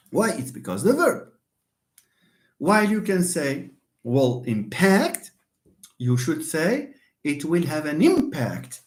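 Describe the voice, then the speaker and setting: A man teaching English word stress in an online lecture, drawing out words slowly and with emphasis. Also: a little high. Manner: slow, emphatic, drawn-out words.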